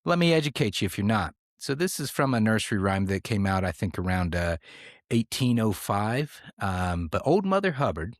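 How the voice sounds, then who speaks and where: A man's voice: lowish voice, very animated, moderate pace, no room sound, studio quality. A man co-hosting a comedy podcast, rambling in a playful, mock-serious way. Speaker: podcast co-host. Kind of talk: casual comedic podcast chat.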